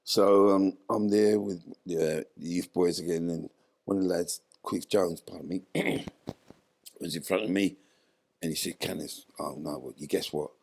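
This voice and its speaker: This former footballer, now older, tells an interview story in an animated way, performing the quoted dialogue himself. He speaks unhurriedly in a low, creaky voice.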